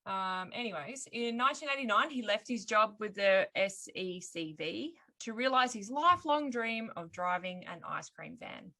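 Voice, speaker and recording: A woman's voice: medium pitch, animated, normal speed, hardly any pauses, sharp tone. An Australian woman, the guest host, casually telling a true-crime story on a podcast and laughing often.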